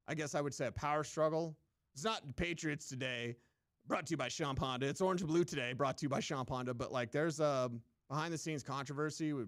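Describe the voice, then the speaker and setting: A man's voice: medium pitch, dry recording, clean studio sound. A man hosting a sports radio show, giving emphatic, opinionated talk and mocking people in put-on voices. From United States. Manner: emphatic, repetitive, mocking mimicry.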